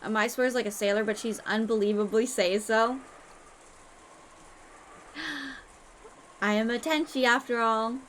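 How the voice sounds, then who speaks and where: Young woman streamer, swears constantly, playful, slightly high voice. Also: fairly even intonation, measured pace, pauses often, fairly bright tone, slight background noise. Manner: crude, swears a lot, playful. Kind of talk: casual live-stream chat.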